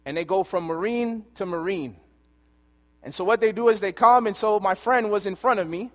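A man's voice: high voice, moderate pace. Preacher man telling a story in a reverberant hall. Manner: animated storyteller, swings between loud and hushed. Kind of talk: sermon storytelling.

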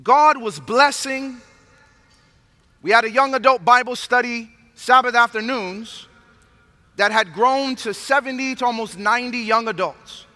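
High-voiced man preaching in a hall. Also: measured pace. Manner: solemn low prayer, then animated storytelling preaching. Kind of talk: sermon. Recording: long hall reverb.

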